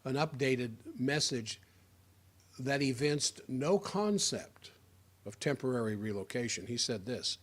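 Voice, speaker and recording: A man's voice: medium pitch, lively intonation, a little slow. A man giving a sarcastic, rambling political opinion monologue, often restarting his sentences. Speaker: political commentator.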